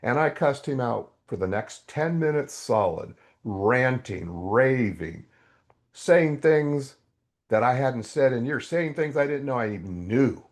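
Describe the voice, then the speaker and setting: Man, middle-aged, candid faith testimony, raw and real, lively rising and falling voice. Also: medium pitch, a little slow. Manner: raw, animated storytelling, acts out his own past outbursts. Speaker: podcast guest.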